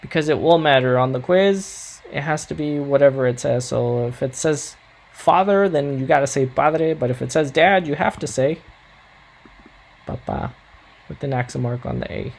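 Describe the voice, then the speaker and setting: A man's voice: medium pitch, moderate pace, creaky. A man teaching a recorded Spanish grammar lesson, coaching students patiently and checking in often with "all right?".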